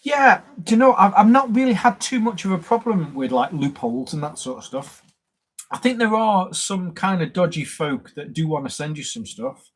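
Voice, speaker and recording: A man's voice: high-pitched, very animated, moderate pace, low-quality recording. A man hosting a casual live stream, rambling and chatty with plenty of fillers and self-corrections. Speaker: YouTube channel host on a live stream.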